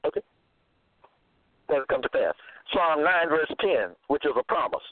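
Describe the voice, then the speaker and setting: A man delivering a self-made religious monologue. He cites scripture references and pauses to search for verses. He repeats his points insistently. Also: a little high, very animated, no room sound. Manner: halting, searching for verses aloud; repetitive, insistent. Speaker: preacher. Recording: narrow phone-like sound, dry.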